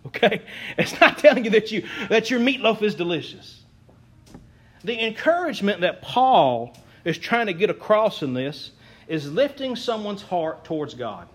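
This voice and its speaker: A man's voice: high-pitched, very animated, normal speed, a bit bright. A young man preaching a sermon as a pastor, folksy, earnest and self-deprecating.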